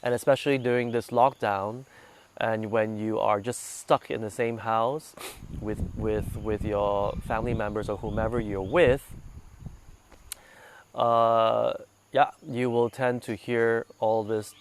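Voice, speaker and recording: A man leading a meditation group, talking gently and conversationally and putting questions to his listeners, a little congested from sinus trouble. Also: on the low side, fairly even intonation, slow, slight background noise. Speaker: meditation guide. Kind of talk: relaxed talk to a meditation group.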